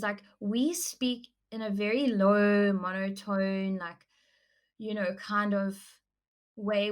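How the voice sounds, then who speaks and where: A young woman with a South African accent, co-hosting a podcast in casual, animated chat. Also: medium pitch. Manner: chatty, animated, laughs often. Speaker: podcast co-host.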